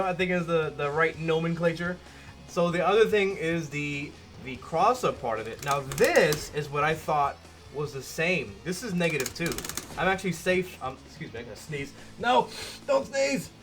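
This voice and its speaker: A man in a slightly higher register walks through a fighting game tutorial, chatting loosely and correcting himself as he goes. Background music plays clearly beneath his voice. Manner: conversational, self-correcting, chuckles at himself. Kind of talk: casual gameplay tutorial.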